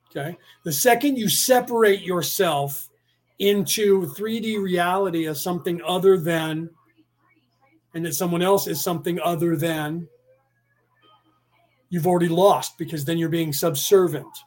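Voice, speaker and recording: Man, high-pitched, argumentative monologue, acts out the voices he quotes. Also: normal speed. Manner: repeats "do you see?" to press points. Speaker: speaker on politics and spirituality. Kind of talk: rambling monologue.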